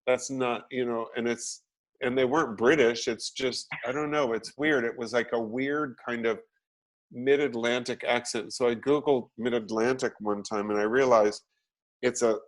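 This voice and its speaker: Actor guy on a chat show, mid pitch, jokey self-mocking stories. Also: moderate pace. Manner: animated, self-deprecating storytelling. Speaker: actor, guest. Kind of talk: casual chat.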